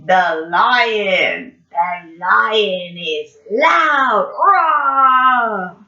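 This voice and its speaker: An eager little monkey puppet, put on by a woman teacher, bouncing between squeaky highs and loud shouts with a bright, lively voice. It answers excitedly and makes animal noises. The sound is echoey and a bit dull. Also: very slow, heavily acted.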